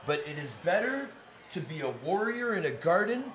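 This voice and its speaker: This Canadian podcaster from Toronto sounds very animated, his fairly bright voice sitting high at a normal speed, with a little hiss or hum in the audio. Broadcasting from a sports bar studio, he keeps the casual interview chat enthusiastic and emphatic, repeating himself for stress.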